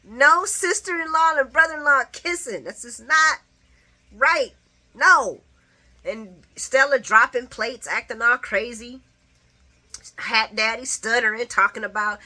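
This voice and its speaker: Animated recap host, a woman, opinionated and chatty, bright voice that laughs often. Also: fairly high pitch, normal speed. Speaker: soap opera recap vlogger. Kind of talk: casual spoken recap.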